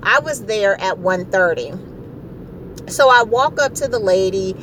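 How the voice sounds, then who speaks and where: A middle-aged woman telling a story in a casual, animated way, exasperated and repeating herself for effect. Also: medium pitch, a little slow, slight background noise, rough recording.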